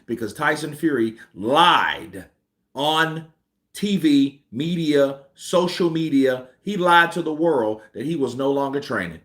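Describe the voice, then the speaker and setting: Heated, animated man ranting. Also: on the high side. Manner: animated, heated venting with emphatic repetition. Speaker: boxing commentary host. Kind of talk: ranting live-stream commentary.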